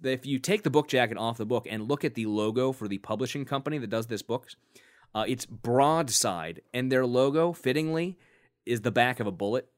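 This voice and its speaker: A man's voice: medium pitch, a little fast. A man co-hosting a podcast in a casual, joking chat, thinking aloud with fillers as he goes. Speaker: podcast co-host.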